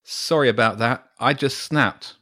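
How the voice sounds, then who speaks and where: A man's voice: medium pitch, measured pace, bright, forceful tone, pitched above the performer's own voice. A man voicing a stubborn, short-tempered schoolboy with curt, snappy replies in a bedtime story.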